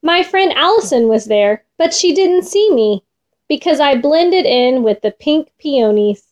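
A woman reading a children's storybook aloud in an expressive, gentle way. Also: high-pitched, a little slow.

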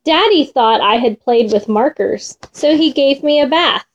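Woman, children's storybook read-aloud, expressive, gentle, high voice, slow. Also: muffled recording.

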